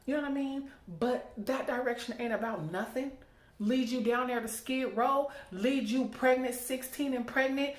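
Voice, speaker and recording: A woman's voice: high voice, normal speed. A worn-out woman venting to her viewers, preachy and emphatic, repeating herself and tagging lines with "okay?". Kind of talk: emotional personal vent. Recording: echoey room.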